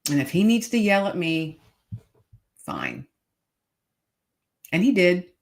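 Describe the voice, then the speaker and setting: A woman's voice: on the low side, huge pitch swings, slow pace. A middle-aged woman, a podcast guest, earnestly telling a heartfelt personal story in conversation and repeating key phrases for emphasis.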